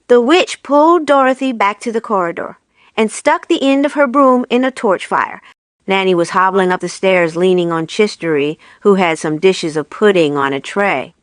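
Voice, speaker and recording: Casting: female audiobook narrator, measured and steady, dry close recording. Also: mid-range voice, clear, resonant tone, dry recording.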